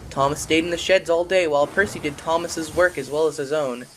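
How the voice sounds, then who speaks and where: A narrator telling a children's toy-train story in an expressive, storybook manner. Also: mid-range voice, a little fast, slight background noise, low-quality recording.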